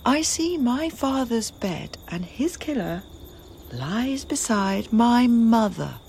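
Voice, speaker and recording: A woman playing a grieving, defiant young princess in a classical drama, with a breathy voice and impassioned lament. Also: a little high, very animated, darkish tone, slight background noise, heavily acted. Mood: bitter. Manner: impassioned lament, slow and swinging.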